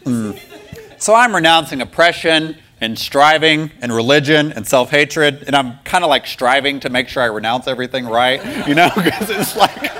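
Bright-voiced man telling his faith story. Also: medium pitch, moderate pace. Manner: candid, self-deprecating, laughs often while telling. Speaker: speaker sharing a faith testimony. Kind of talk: personal testimony storytelling.

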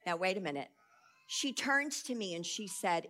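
A middle-aged woman, telling a lively testimony to an audience in a storytelling sermon style and acting out the quoted voices. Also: mid-range voice, normal speed.

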